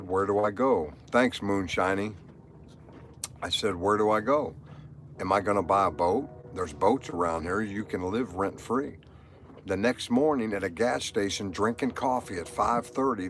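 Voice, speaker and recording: A middle-aged man talks through a live stream in a low voice, circling back to the same phrases over and over. His delivery is rambling and emotional. A faint background hum sits under him. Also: a bit bright. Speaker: livestreamer. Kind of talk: live stream monologue, reading chat.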